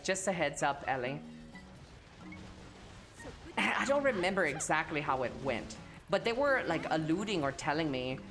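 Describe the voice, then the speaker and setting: Young woman streamer, casual chat, profane and teasing, lively swooping pitch, faint music behind.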